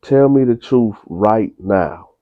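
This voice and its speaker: A woman's voice: rumbling low, lively intonation, slow pace, no echo, full character voice. A man voicing a distraught middle-aged mother who is shocked and pleading, anguished and repeating herself. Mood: demanding. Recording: dry tinny phone-like audio.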